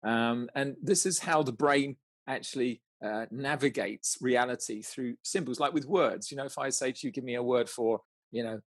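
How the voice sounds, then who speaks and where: A man's voice: medium pitch, normal speed, no echo. A man guiding a listener through an exercise in casual conversation, stumbling over words, restarting often and laughing as he goes.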